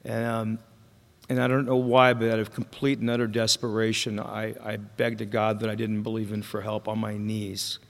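A man's voice: fairly low pitch, monotone, moderate pace, vocal fry. A man telling his recovery story to a meeting, candid and self-deprecating, often stopping and restarting his sentences. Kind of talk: personal recovery story told to an audience. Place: meeting hall with an audience. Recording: long hall reverb.

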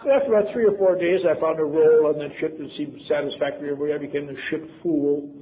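A man's voice: fairly high pitch, steady tone, fast. An older man from Wisconsin telling a personal story with wry, self-deprecating humor. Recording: tinny phone-like sound, faint noise.

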